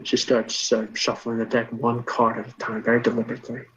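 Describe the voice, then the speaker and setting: A man narrating a tabletop role-playing game as game master, voice sitting at an ordinary middle pitch. He describes scenes in a relaxed, halting way, pausing on fillers as he goes. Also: highs cut off, a little hiss or hum. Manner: casual, halting, lots of fillers.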